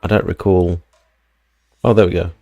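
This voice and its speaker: Low-voiced male streamer, casual and chatty, dry close mic, soft music behind. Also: fairly even intonation, normal speed, no room sound, muffled recording. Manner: chatty, reading viewer comments aloud. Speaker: livestream host. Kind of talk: casual livestream chat.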